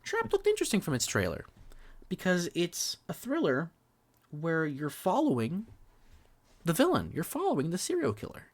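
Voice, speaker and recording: His voice is on the high side, at normal speed, with pitch that swoops wildly. The man is a film podcast co-host offering blunt, foul-mouthed reviews in easygoing chat; he restarts words and every so often lowers himself to almost a whisper.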